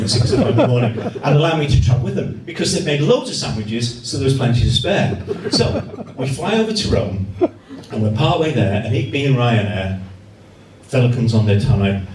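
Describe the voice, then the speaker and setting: Lively man telling funny stories. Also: mid-range voice, normal speed, slight background noise. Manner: lively storytelling, self-mocking. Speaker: guest speaker, TV journalist. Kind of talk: humorous after-dinner talk. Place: hall with a laughing audience. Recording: roomy hall heard from a distance.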